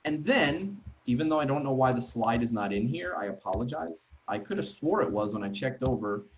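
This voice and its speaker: A man training teachers in an online workshop, talking in a conversational, emphatic way and tagging sentences with quick questions to the group. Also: mid-range voice, lively intonation, low-quality recording. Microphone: video call.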